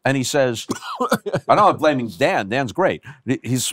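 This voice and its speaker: An older male sportscaster talking as a guest in a casual chat. He tells his story in articulate, measured phrases, hedging with careful disclaimers. His voice is mid-pitched and recorded dry and close. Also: lively intonation, fairly bright tone, no room sound.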